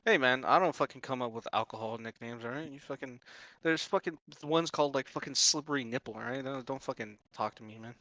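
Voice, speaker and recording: Tipsy american guy on a podcast, bright sharp voice, dry close sound, swears a lot. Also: medium pitch, fairly quick, dry recording. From United States. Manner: crude, joking, retells stories in put-on voices. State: tipsy from drinking. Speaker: podcast co-host. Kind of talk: casual chat.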